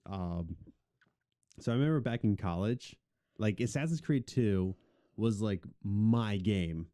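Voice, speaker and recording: A man's voice: on the low side, animated, takes it slowly, dark tone. A young adult man co-hosting a podcast in casual, rambling chat, with a jokey, self-mocking way of talking. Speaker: podcast co-host.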